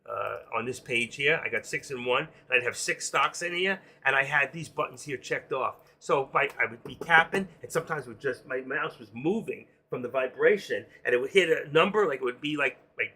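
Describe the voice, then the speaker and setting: A man hosting a live trading stream, explaining options and telling animated, excitable stories about his own trades, swearing casually. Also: mid-range voice, brisk, few pauses, slight background noise. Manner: explains while drawing on a chart.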